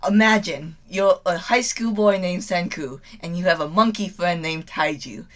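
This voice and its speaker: Animated young woman co-host, lowish voice. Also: moderate pace. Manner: animated, acts out scenes. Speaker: podcast co-host. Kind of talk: casual debate chat.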